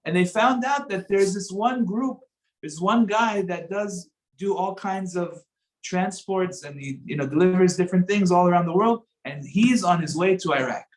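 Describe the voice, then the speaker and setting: A man's voice: high-pitched, moderate pace, reverberant, low-quality recording. A man giving a conversational sermon in a synagogue, mixing in Hebrew terms as he tells a story. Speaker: rabbi.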